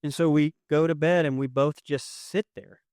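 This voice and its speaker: A young man preaching a sermon as pastor, conversational and emotional, swinging from loud to hushed. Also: on the high side, fairly even intonation, normal speed, dry recording, clean studio sound. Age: young adult. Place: church sanctuary with audience.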